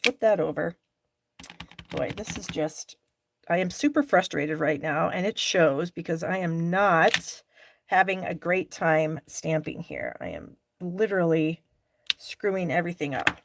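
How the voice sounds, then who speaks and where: A woman's voice: lowish voice, expressive, unhurried, creaky, noisy background. Middle-aged lady doing a live stamping class, chatty, grumbles at her own slip-ups. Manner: chatty, talks to viewers by name, openly frustrated at mistakes. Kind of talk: live crafting demonstration.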